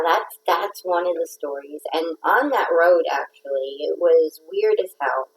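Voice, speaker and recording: A middle-aged woman hosting a casual craft livestream tells a rambling, playful story. Her voice sits low, and the recording quality is poor.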